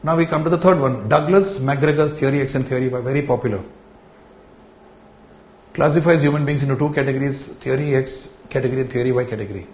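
A man's voice: medium pitch, fast, darkish tone, echoey room. A man gives a classroom lecture, repeating words and telling students to underline key terms.

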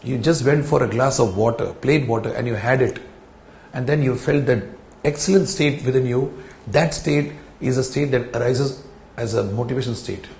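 A man's voice: medium pitch, moderate pace, gravelly, darkish tone, roomy sound, a little hiss or hum. A man giving a recorded lecture to camera, explaining ideas with rhetorical questions and repeating key phrases. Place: indoor room, speaking in front of a camera.

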